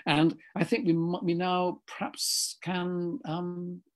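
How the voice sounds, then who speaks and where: A slightly hoarse man giving a discursive lecture over a video call, often correcting himself mid-sentence. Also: high voice, monotone, takes it slowly.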